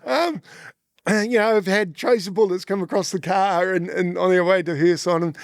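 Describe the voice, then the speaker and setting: Gravelly Australian man telling war stories. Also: high voice, steady tone, normal speed, no room sound, studio quality. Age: middle-aged. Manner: laughing often, acting out voices in his anecdotes. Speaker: guest. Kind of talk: casual storytelling interview.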